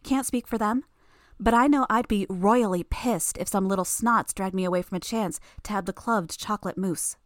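A woman's voice: medium pitch, moderate pace, no echo, clean studio sound, close to an everyday voice. A woman voicing a cocky, confident teenage superheroine in an audiobook reading, with a breezy, teasing manner. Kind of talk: audiobook character voice.

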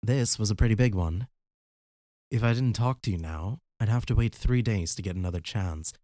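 A man's voice: lowish voice, normal speed, dark tone, dry recording, studio quality, natural voice. A man voicing an earnest armored male hero who presses a therapist for time, in an audiobook. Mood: pleading.

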